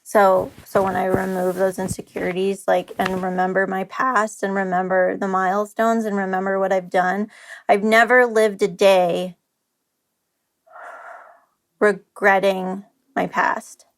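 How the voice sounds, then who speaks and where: A woman's voice: mid-range voice, level tone, measured pace. A woman being interviewed as a guest on a podcast, speaking candidly and emotionally, close to tears and nervous, with many "like"s and restarts. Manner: emotional and open, lots of "like" and restarts. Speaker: guest, company founder.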